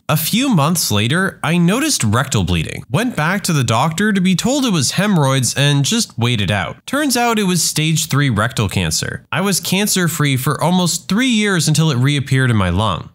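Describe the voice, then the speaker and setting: A man hosting a podcast, reading online posts aloud and adding his own commentary in a lively, expressive way. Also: a little high. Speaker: podcast host reading stories.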